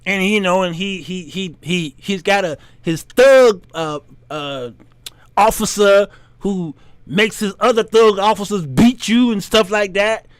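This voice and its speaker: A man hosting his own show, telling a story, acting out the other voices and squeaking high when surprised. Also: a little slow, smooth, dry recording. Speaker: host. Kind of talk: casual storytelling monologue.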